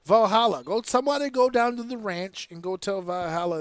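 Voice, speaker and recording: A man's voice: high voice, normal speed, hardly any pauses, dry recording. Man ranting, profane and heated. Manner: profane, heated opinionated rant; slips into slang and mimicked voices. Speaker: podcast host. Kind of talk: casual wrestling commentary.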